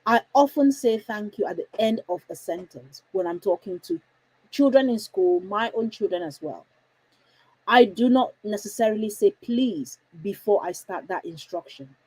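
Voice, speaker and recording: A woman coaching parents, talking emphatically and deliberately changing her tone and pace to stress key points. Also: medium pitch, lively intonation, darkish tone, breathy edge, rough recording. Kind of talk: instructional talk to parents.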